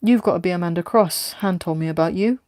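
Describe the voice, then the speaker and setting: A woman's voice: on the low side, fast talker, a little mellow, dry recording, studio quality, natural voice. A woman voicing a brash, taunting female hired tough from London in a read-aloud story. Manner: taunting, blunt.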